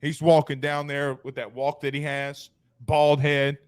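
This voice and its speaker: A man's voice: on the high side, clear, resonant tone, no echo, studio quality. A man hosting a sports talk show, telling stories animatedly in a slangy, casual way. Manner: animated, fast storyteller with slangy asides. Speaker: podcast host.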